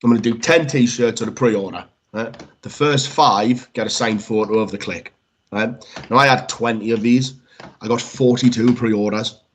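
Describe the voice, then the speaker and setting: A man, a wrestler, chatting casually as a podcast guest, telling lively stories that he acts out and peppering them with swearing. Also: medium pitch, normal speed, a little hiss or hum. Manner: lively storyteller, swears freely, acts out quotes.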